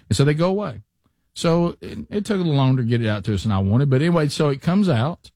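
This man's voice is on the high side and dark in tone, with lively intonation and a quick pace, captured at studio quality without echo. Hosting a talk radio show, he trades casual banter and tells rambling, self-deprecating stories full of restarts.

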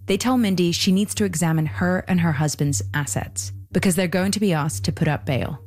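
A woman hosting and narrating a documentary podcast in a measured, scripted storytelling delivery. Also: fairly low pitch, darkish tone, soft background music.

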